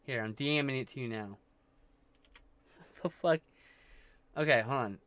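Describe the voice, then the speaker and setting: A man's voice: mid-range voice, slow pace, a bit bright, no echo. A man streaming live, talking to his chat in a rambling, scattered way with a lot of swearing, and he is stoned. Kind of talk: casual chat with chat.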